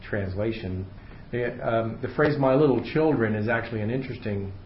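Man, lowish voice, casual Bible study teacher, fillers and restarts; roomy, slightly muffled room recording. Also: slight background noise. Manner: relaxed, unscripted explaining with many fillers and restarts. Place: small room with a group.

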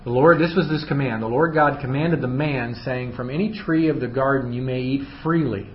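A man leading a Bible study who reads scripture aloud and then explains it in loose, chatty asides. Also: normal speed. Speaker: Bible teacher. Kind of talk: conversational Bible study teaching. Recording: roomy, dull recording with faint rumble.

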